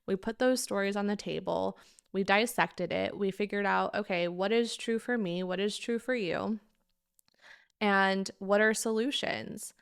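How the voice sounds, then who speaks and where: A woman's voice: mid-range voice, fairly even intonation, a little slow, creaky, clean tone, no echo, clean studio sound. A woman in her thirties, a relationship vlogger, talking casually to camera and reflecting candidly, with lots of fillers, as she tells a story.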